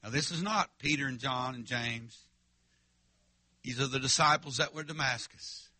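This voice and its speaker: A man's voice: mid-range voice, moderate pace, pushed and bright, no room sound. A male preacher, telling a story in a revival sermon in a folksy, emphatic way and calling out to the congregation.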